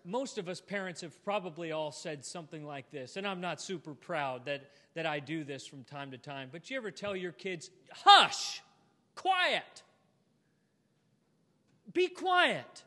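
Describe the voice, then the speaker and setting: A man preaching a sermon to a church congregation, earnest and heartfelt, ending in a gentle invitation. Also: on the high side, normal speed, few pauses. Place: church auditorium. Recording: long hall reverb.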